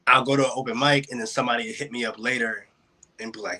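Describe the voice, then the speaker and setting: A man's voice: mid-range voice, steady tone, fast, pushed and bright, breathy edge. A man performing spoken word poetry at an online open mic over a video call. His delivery is rhythmic, builds in intensity, and leans on wordplay. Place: home, joining a virtual open mic.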